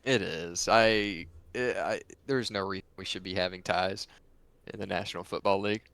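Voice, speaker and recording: A man's voice: low voice, steady tone, normal speed, fairly bright tone, no room sound. A man co-hosting a casual sports podcast over drinks, joking and teasing. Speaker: podcast co-host.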